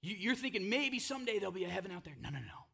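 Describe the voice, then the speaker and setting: Bright-voiced preacher with booming swings. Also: male voice, very animated, racing, vocal fry, husky. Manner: dramatic storytelling, shouts names out, swings from hushed to booming; casual asides and joking. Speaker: pastor. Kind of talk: sermon.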